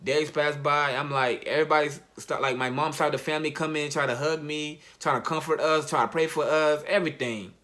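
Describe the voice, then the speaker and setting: A young man, a college athlete, telling a personal story in a casual, slang-heavy, halting way. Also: on the high side, fairly even intonation, sharp tone. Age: young adult.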